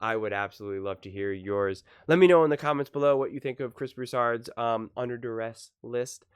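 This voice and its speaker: A man's voice: medium pitch, fairly quick, smooth, no echo, clean studio sound. A young man hosting his own sports commentary channel, giving emphatic solo opinions and punching out quoted lines from players. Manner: animated, emphatic, quoting players in punchy voices.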